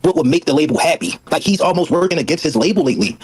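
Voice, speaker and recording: Male guest, fast-talking and husky, hesitant as he pushes back in a debate. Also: a little high, lively intonation, darkish tone, dry recording. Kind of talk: casual debate.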